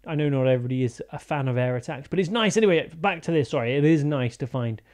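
A fairly high-voiced man talks through a strategy game attack in a relaxed, chatty way. He drifts into deadpan silly tangents and then comes back to the play-by-play. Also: fast talker. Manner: chatty, jokey, rambling asides. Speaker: gaming YouTuber. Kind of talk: casual gameplay commentary.

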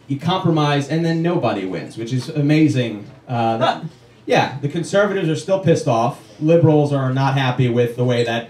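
A man doing a stand-up comedy set in a small club, sarcastic and ranting, swearing often. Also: fairly high pitch. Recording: roomy club audio from far off.

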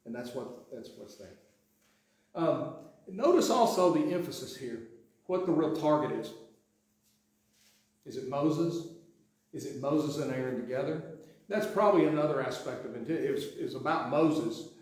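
A Sweetwater pastor with a voice on the high side, lively intonation, and a slightly mellow quality preaches at normal speed with long pauses. Speaking conversationally with many restarts, he acts out quotes, and the sanctuary echoes heavily.

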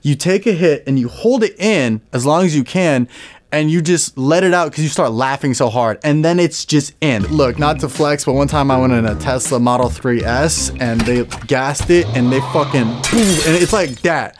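A young male comedian telling a story with lots of swearing, jumping high in pitch for punchlines and acting out the people in it. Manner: rapid, profane, jumps high for punchlines and acts out people. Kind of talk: animated comic storytelling.

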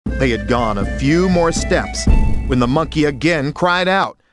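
Lively male storyteller over music. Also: fairly high pitch, unhurried. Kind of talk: children's story narration. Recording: music bed underneath.

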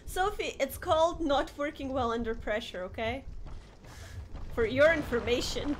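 A young woman streaming a game and chatting with viewers, who shrieks and yells at the game and then apologizes. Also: sits high, normal speed. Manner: chatty, greets viewers by name. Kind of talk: casual live-stream game commentary. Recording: noisy home stream recording.

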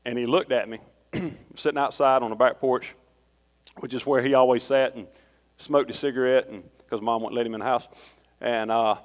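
A man's voice: mid-range voice, steady tone, moderate pace. Man preaching in an echoing church. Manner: conversational, storytelling with personal anecdotes. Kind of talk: sermon. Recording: long reverb of a church hall.

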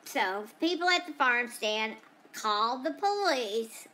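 A woman's voice: fairly high pitch, expressive, takes it slowly, sharp tone, heavily acted. A woman voicing a chatty female dog who tells about her day in a rambling, gossipy way, full of asides. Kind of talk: first-person pet vlog narration.

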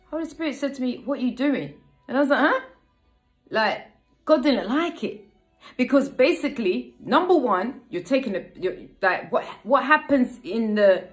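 A woman preaching a casual online sermon, often checking in with "yeah?" and repeating phrases for emphasis. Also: medium pitch.

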